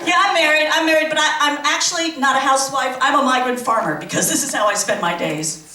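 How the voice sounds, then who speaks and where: A woman's voice: high voice, quick pace, pushed and bright, recorded from a distance. A woman doing a stand-up comedy set, delivering punchy jokes with rhythmic repeated lines. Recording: echoey room, from afar, noisy.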